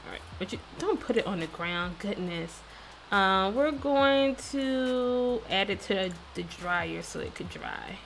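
A woman's voice: mid-range voice, big pitch swings, takes it slowly, gravelly, fairly bright tone, faint music behind. A woman hosting a casual let's-play, chatting playfully and talking to the characters on screen. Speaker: gaming video host.

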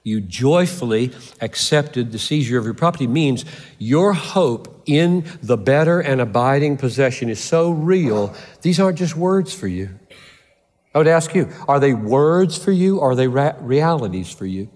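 A man's voice: mid-range voice, expressive, normal speed, a little mellow. An older man preaching a sermon in a large church, emphatic and repeating phrases for stress. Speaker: pastor. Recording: reverberant church hall.

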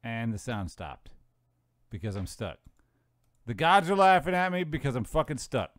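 This horror game streamer is very animated, speaking at normal speed in a mid-range voice. He talks to himself casually, swearing and joking, while the game's sounds blare loudly in the background.

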